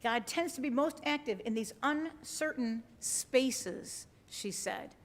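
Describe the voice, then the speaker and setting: Lady pastor preaching to a livestream, chatty, keeps asking right?, pretty high voice. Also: expressive, slow. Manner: conversational, asks the listeners with frequent tag questions. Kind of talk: sermon to an online congregation. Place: church livestream.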